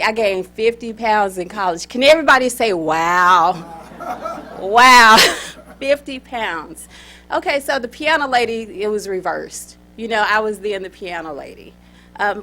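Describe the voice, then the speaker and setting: A woman's voice: medium pitch, a bit bright. A woman giving a humorous contest speech, talking straight to the audience, getting them to answer and laughing between lines. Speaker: contest speaker.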